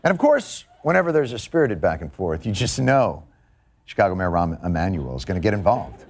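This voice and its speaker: A man with a New York accent delivering a comedic late-night monologue, mock-indignant with deadpan asides. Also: deep voice, brisk, very noisy. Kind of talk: comedic monologue to a studio audience.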